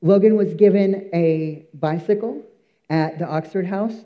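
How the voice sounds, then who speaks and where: High-voiced man giving an earnest testimony. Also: unhurried, highs cut off. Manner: earnest, emphatic storytelling with frequent fillers. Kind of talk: church testimony.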